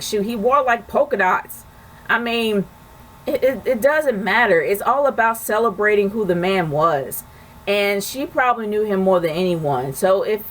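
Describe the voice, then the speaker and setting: A woman's voice: fairly low pitch, slight background noise, poor audio. A woman hosting a casual question-and-answer video, chatting frankly and rambling a little as she answers viewers. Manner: chatty, frank, rambling with restarts and light laughs. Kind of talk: casual chat.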